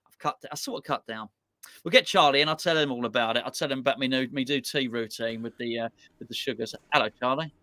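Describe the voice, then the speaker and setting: A man's voice: medium pitch, fast talker, bright, forceful tone, no echo. A man hosting a live stream, rambling and chatting casually, joking at his own expense and reading out viewer comments. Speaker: host.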